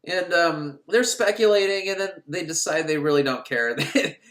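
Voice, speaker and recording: A man's voice: a little high, normal speed. A man giving a casual, sarcastic film recap, acting out scenes as he goes. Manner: sarcastic, animated, acts out scenes. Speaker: film reviewer. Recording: roomy echo.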